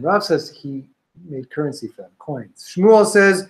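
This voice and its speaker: A man teaching an informal Talmud class, retelling a story with lively restarts and Hebrew and Aramaic quotes. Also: medium pitch, measured pace, low-quality recording. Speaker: Torah teacher.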